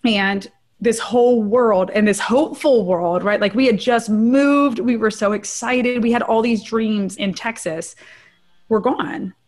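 A woman's voice: on the high side, unhurried, a little mellow. Candid middle-aged woman telling her story. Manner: earnest and candid, often adds "right?". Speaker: guest, trauma researcher and professor. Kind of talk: personal storytelling in an interview.

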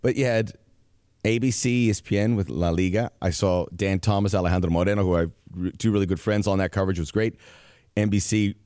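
A man co-hosting a casual sports podcast, joking and animated with quick asides. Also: on the low side, no room sound, studio quality. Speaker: podcast co-host.

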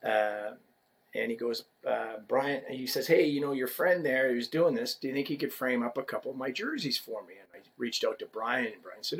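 Animated male storyteller guest. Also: mid-range voice, normal speed, poor audio. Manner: animated storyteller, acts out quoted dialogue. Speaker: podcast guest. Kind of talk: casual storytelling chat.

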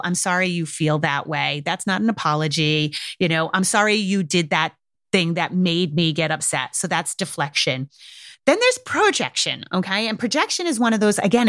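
Frank, animated woman host. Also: dry recording, studio quality. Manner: frank, animated, acts out quotes with sudden pitch jumps. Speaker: podcast host. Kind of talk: candid monologue.

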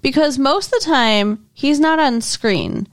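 A woman's voice: sits high, lively intonation, measured pace, no room sound. Dry-voiced woman chatting casually. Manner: casual, blunt, groans in disgust. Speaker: podcast co-host. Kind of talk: casual movie discussion.

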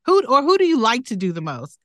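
A woman's voice: fairly high pitch, huge pitch swings, fast, fairly bright tone, no room sound. A woman interviewing a guest casually, asking playful questions. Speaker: interviewer, radio music director.

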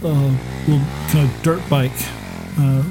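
A man running a tabletop game as game master, narrating in a halting way with many pauses. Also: mid-range voice, fairly even intonation, vocal fry, over loud music, low-quality recording.

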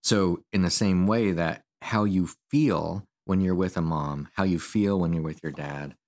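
Man, very deep voice, counselor co-hosting a podcast, loose rambling talk. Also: unhurried, a little mellow. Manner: rambling, many fillers and restarts. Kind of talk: casual conversational explaining.

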